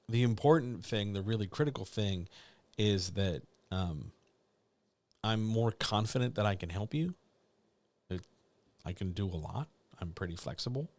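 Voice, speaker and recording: A man's voice: on the low side, expressive, normal speed, pauses often, a little mellow, no room sound. A middle-aged man, a writing coach, talking candidly and ramblingly to viewers in a casual live chat. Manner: candid, rambling, self-deprecating.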